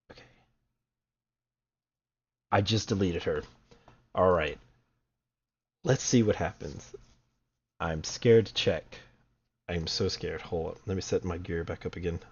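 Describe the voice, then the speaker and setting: A man's voice: low-pitched, slightly rough. A man streaming a horror game, nervously muttering to himself as he clicks through files. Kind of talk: let's play commentary. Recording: dull lo-fi stream audio.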